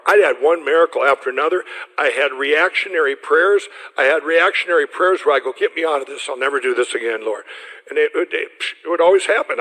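High-voiced man telling a rambling testimony. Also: a bit bright. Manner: rambling, self-interrupting storyteller who laughs often. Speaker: speaker addressing a group of pastors. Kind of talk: personal testimony talk. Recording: radio broadcast with long hall reverb.

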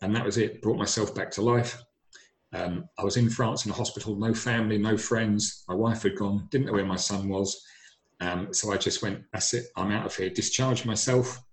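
A man's voice: lowish voice, steady tone, moderate pace. Earnest man in an echoey room. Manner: earnest and emphatic, repeats his words. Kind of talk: personal storytelling.

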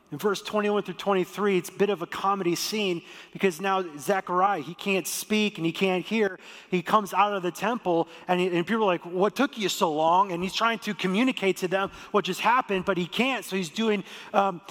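A man preaching a sermon as the pastor, lively and joking as he tells the story. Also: high-pitched, normal speed. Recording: long hall reverb.

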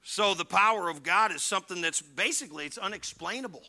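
A middle-aged man preaching a sermon as pastor, animated and joking with his congregation, swinging between loud and hushed. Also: sits high, quick pace. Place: church hall.

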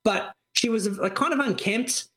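Sweary podcast co-host. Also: male voice, very high-pitched, normal speed, pushed and bright. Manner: sweary, sarcastic storytelling with mocking impressions. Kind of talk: casual podcast banter.

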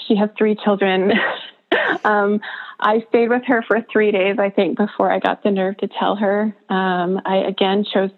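A woman's voice: medium pitch, flat delivery. Emotional woman telling a story over a tinny line. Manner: emotional, laughs often between halting phrases. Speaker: birth photographer and guest. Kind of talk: personal storytelling in a podcast interview. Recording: tinny phone-line sound.

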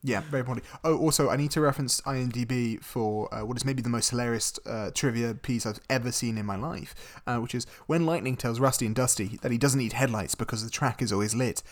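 A man's voice: fast talker, hardly any pauses. A young man co-hosting a casual comedic podcast, recapping a film with sarcastic asides and freely swearing, his voice jumping up when incredulous. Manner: animated, mocking, swears freely, spikes high when incredulous. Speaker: podcast co-host.

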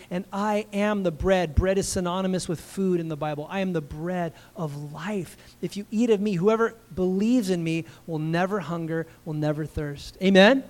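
High-voiced man preaching a sermon. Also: a little mellow. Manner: emphatic, calls out "Amen?" to the congregation; conversational preaching with restarts and rhetorical questions. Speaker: pastor.

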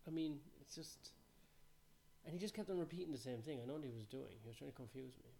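A man, a comedian and podcast co-host, talking in a quiet, sheepish, self-mocking way in casual chat. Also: mid-range voice, quick pace, gravelly, a little hiss or hum.

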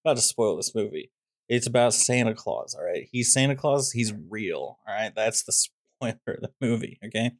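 A man's voice: medium pitch, normal speed, no room sound. Rambling jokey man in a dry room. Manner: rambling, jokey, drifts into mock rants. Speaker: podcast co-host reviewing a movie. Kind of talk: casual comedic review chat.

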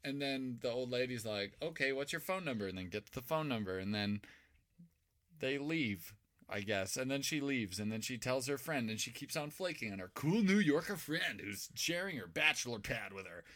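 A man's voice: medium pitch, lively intonation, normal speed, fairly bright tone. A man co-hosting a casual podcast, recapping a movie plot in a rambling, profane way. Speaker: podcast co-host.

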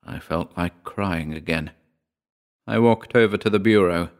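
Deep-voiced man narrating horror. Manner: measured, grave storytelling.

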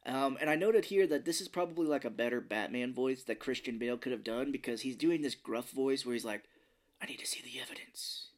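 A man co-hosting a podcast, casually recapping a movie, laughing often and acting out lines in a gruff whisper. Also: medium pitch, a little fast, hardly any pauses. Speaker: podcast co-host.

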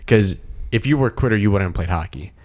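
Excitable man swearing in casual chat. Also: on the low side, fast. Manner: excited, swearing, acts out movie quotes.

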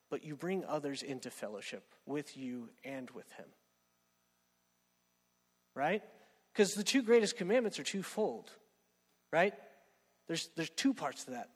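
High-voiced preacher in a reverberant hall. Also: male voice, big pitch swings, measured pace, long pauses, breathy edge. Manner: conversational, keeps asking "right?". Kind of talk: sermon with storytelling.

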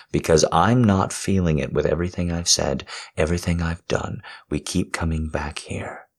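Man, whispered role-play, very deep voice, husky, unhurried, coaxing murmur. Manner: slow, intimate, coaxing murmur shifting between whisper and low voice. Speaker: audio role-play performer.

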